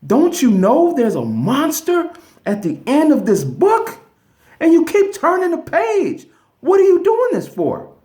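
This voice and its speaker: A frantic, furry storybook monster yelps in a high, squeaky voice that leaps all over the place. He whines and frets without pause. A man puts the voice on while retelling the story. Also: huge pitch swings, darkish tone, exaggerated voice. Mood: exasperated. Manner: high shrill exasperated pleading. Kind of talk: retelling a picture book.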